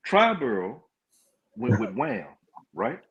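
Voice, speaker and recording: A man's voice: medium pitch, big pitch swings, takes it slowly, fairly bright tone, husky. A man taking part in a casual music draft, teasing, with hesitant restarts, on dull lo-fi call audio. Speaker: draft participant. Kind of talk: casual group chat.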